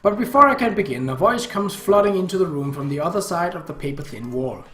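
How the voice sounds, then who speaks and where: Male narrator for a visual novel reading, wry and dry, high and bright, in an echoey room with faint music. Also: animated, quick pace.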